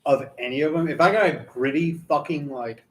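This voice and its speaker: A young man co-hosting a casual film podcast, talking fast and excitably with lots of swearing. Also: a little high. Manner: excitable, heavy swearing, animated rants. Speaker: podcast co-host.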